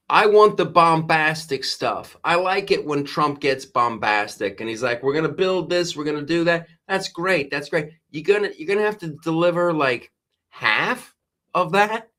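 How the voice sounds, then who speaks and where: A man's voice: a little high, animated, measured pace, bright, forceful tone. A man hosting a live stream, talking politics in a rambling, exasperated way with many restarts while reading viewer comments. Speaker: host.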